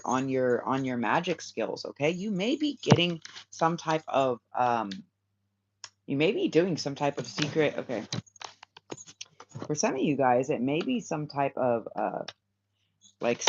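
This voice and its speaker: A tarot reader hosting a casual spiritual reading for viewers, rambling and repeating phrases with many fillers. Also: mid-range voice. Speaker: tarot reader, channel host. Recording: slightly dull lo-fi sound with faint hiss.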